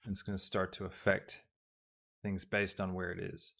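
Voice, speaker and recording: A young man hosting a live software tutorial, thinking aloud as he works with lots of ums. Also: low voice, monotone, normal speed, gravelly. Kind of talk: live-streamed casual tutorial.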